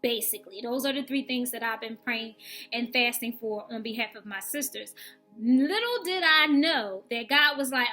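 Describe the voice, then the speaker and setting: A woman's voice: fairly high pitch, moderate pace, pushed and bright, faint music behind. A woman giving a candid personal faith testimony in a frank, conversational, reflective way. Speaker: vlogger sharing faith testimony.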